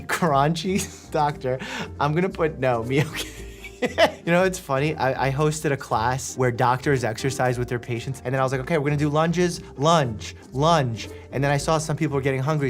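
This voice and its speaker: A man, a doctor hosting a video, casually reacting to memes, reading them aloud and laughing often. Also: on the high side.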